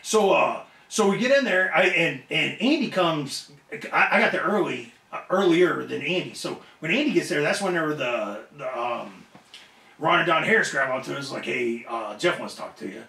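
Man, wrestler guest; lively, high-ish storyteller voice, profane, acts out dialogue; roomy, distant mic. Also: moderate pace, creaky. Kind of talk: casual storytelling interview. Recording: echoey room, mic at a distance.

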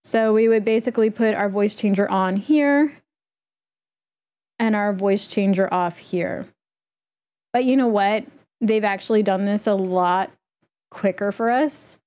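Woman, warm relaxed voice, casual how-to walkthrough, chatty, step-by-step, easy fillers. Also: mid-range voice, measured pace, pauses often. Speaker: streamer giving a setup tutorial. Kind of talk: casual screen-recorded tutorial.

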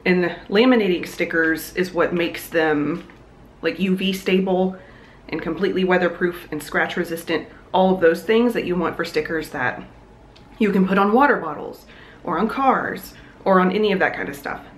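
A young woman talks through her day in a relaxed, upbeat vlog, thinking aloud as she goes. Her voice sits a little low. The room adds a noticeable echo, with a faint hiss underneath. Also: normal speed. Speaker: vlogger. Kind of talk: casual vlog chat. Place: home room. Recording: echoey room, faint noise.

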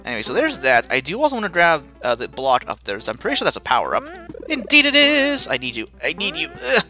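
Very animated let's play commentator. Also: mid-range voice, very fast. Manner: animated, self-mocking, panicky outbursts. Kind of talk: gameplay commentary. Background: faint game music.

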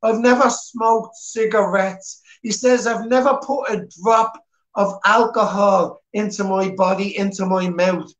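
A man's voice: high voice, fairly even intonation, a little slow, highs cut off. A man with a Dublin Irish accent telling his personal testimony at church in an earnest, plain-spoken way. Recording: echoey church hall.

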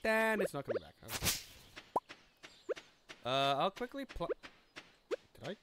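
A gaming channel host chats casually through a let's-play, cracking self-mocking jokes as he plays. His voice is on the high side and sing-song, at a measured pace. The recording is very noisy, with game music behind him.

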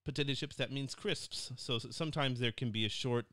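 A man's voice: mid-range voice, a little fast, no echo, studio quality. An American man lecturing as a university English teacher, giving a casual recorded class summary with frequent fillers and restarts. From United States. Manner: relaxed, repetitive with many fillers and restarts.

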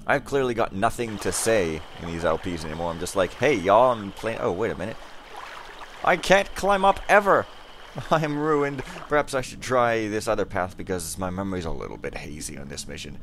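A man's voice: low voice, fairly quick, hardly any pauses, fairly bright tone, slight background noise. A man giving casual let's play commentary, rambling with self-mocking, jokey asides.

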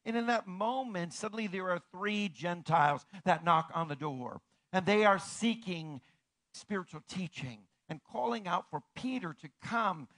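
A man pastor delivering a sermon in an animated way, swinging from hushed, slow passages to ringing declarations. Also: high voice, no room sound, rough recording.

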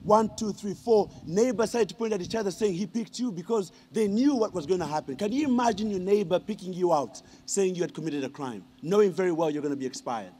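A man's voice: high-pitched, expressive, brisk, few pauses, mellow, slight background noise. A man, giving a humorous ceremonial speech and teasing the audience with questions. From Uganda. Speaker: honorary degree recipient giving a speech.

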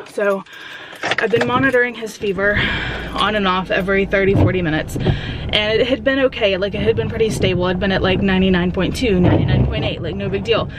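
A woman's voice: mid-range voice, brisk. A young woman, a mother and vlog host, casually telling her viewers a story straight to camera. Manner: chatty, animated storytelling, addresses viewers directly. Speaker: vlogger mother. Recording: noisy background.

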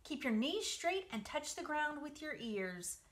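A woman's voice: on the high side, sing-song, unhurried, pushed and bright, pitched above the performer's own voice, exaggerated voice. A woman voicing a patient, clever, motherly female spider in a children's story reading. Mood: commanding.

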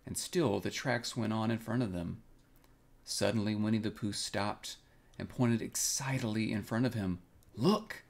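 A man calmly and expressively reading a classic children's book aloud as a bedtime story. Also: on the low side, normal speed, creaky. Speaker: storybook reader.

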